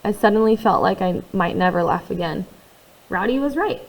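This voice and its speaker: A woman narrating a first-person novel in a quiet, confiding way, with conversational asides to the listener. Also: medium pitch, lively intonation, moderate pace, poor audio. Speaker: audiobook reader.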